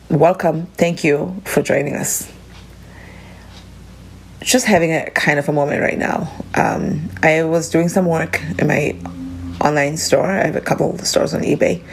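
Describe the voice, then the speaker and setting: South African woman, podcast host, low gravelly voice, halting and emotional solo talk. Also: darkish tone, rough recording.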